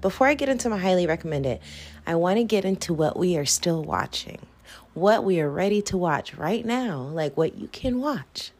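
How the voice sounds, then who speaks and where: A woman's voice: on the low side, animated, normal speed, a little mellow. A woman hosting her own show, chatting casually and rambling with plenty of fillers. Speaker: podcast host. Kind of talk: casual solo chat.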